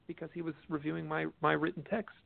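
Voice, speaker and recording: A man, an author and guest expert, telling a story in an animated, rambling way with many restarts. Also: on the high side, fast talker, gravelly. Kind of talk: storytelling interview chat. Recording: tinny phone line.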